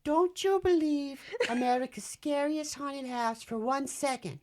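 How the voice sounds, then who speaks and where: A nerdy young male reviewer whines in a pitched-up, squeaky voice, as a man puts him on. He sounds worked up and a little far off. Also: measured pace, a little mellow. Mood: indignant.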